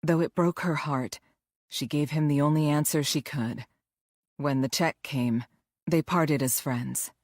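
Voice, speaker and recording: A woman narrating a thriller audiobook in a measured, even way. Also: low-pitched, no echo, clean studio sound.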